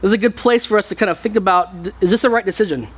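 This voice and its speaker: A man's voice: sits high, rapid-fire, a little hiss or hum. A man preaching a sermon to his church in a conversational way, often repeating words as he goes. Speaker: pastor. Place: church sanctuary.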